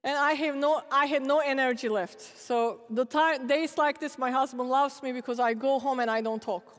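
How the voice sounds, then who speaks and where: A middle-aged woman preacher telling animated, laughing stories in a sermon. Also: high voice, moderate pace. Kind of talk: storytelling sermon. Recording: long hall reverb.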